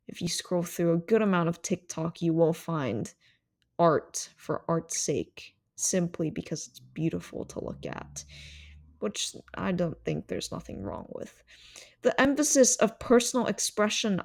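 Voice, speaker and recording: A woman's voice: fairly low pitch, gravelly, darkish tone. A woman hosting a solo podcast, explaining ideas in a reflective, thinking-aloud way. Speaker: podcast host.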